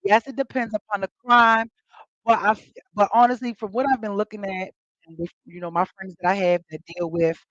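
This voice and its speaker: A woman's voice: mid-range voice, fairly even intonation, a little fast, a bit bright, no echo, lo-fi sound. A woman hosting a casual chat with her audience, telling stories animatedly and acting out quoted lines with big jumps in her voice. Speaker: host.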